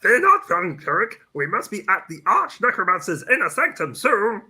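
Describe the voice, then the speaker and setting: Cast: Cookie Monster as a hero fighter, raspy and very bright, bellowing, swooping all over. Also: male voice, high-pitched, big pitch swings, normal speed, voice pushed up, full character voice. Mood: gruff bluster. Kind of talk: comedy sketch voice on a podcast.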